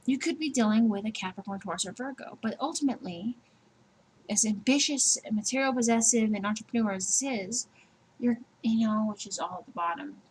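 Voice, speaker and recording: A chatty woman with a slightly high voice gives a loose, casual tarot reading, laughing often and swearing freely. She slips into raised voices to act out little scenes. A faint hiss of background noise sits under her voice. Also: a little fast, low-quality recording. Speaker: tarot reader.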